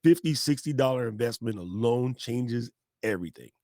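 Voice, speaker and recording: A man, a guest tech expert in a casual video-call interview, explaining with folksy animated talk and laughs. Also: mid-range voice, moderate pace, no room sound, studio quality. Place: home office.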